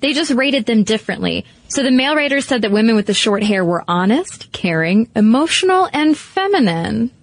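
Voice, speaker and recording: A woman co-hosting a casual chat show, animated and full of "like" fillers. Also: a little high, moderate pace, few pauses, dry recording. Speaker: podcast co-host.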